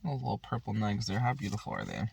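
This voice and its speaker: A woman's voice: a bass voice, huge pitch swings, fast talker, vocal fry, background noise. A woman vlogger in a casual, profanity-heavy rant, talking frustratedly while smoking at home.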